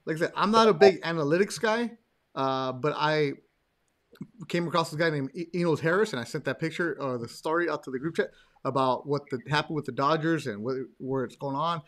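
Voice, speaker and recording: A man chatting about baseball on a podcast, animated and quick to jump in with his own stories. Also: fairly high pitch. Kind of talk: casual sports chat.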